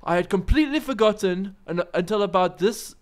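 High-voiced South African man. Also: fairly quick, slight background noise. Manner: reads aloud with laughing asides. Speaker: podcast co-host reading a listener letter. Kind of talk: casual podcast chat.

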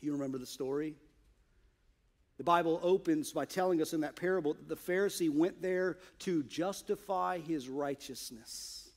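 A male pastor preaching a sermon in church, earnest, moving from hushed asides to emphatic, stressed points. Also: fairly high pitch, normal speed.

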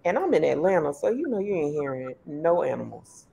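A woman on a casual panel who talks in a relaxed, agreeable way with casual slang. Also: low voice, brisk, creaky, lo-fi sound, a little hiss or hum.

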